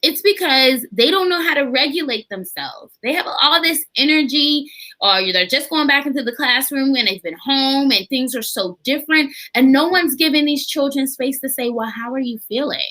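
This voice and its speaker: Woman, podcast host, casual chat, animated, fairly high voice. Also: normal speed, rough recording. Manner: animated, acts out child voices, laughs often. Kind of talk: casual conversational interview.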